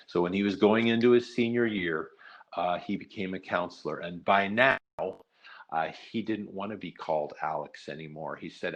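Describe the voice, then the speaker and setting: A middle-aged man giving an earnest storytelling talk, speaking steadily with frequent "uh" fillers. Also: low-pitched. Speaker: nonprofit leader giving a talk.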